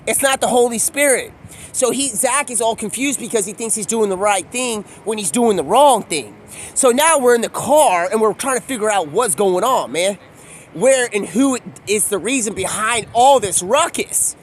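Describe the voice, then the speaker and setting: A man's voice: sits high, expressive, normal speed, a little hiss or hum. A man talking in a casual, rambling monologue, free-associating from one thing to the next in slangy speech. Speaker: video creator.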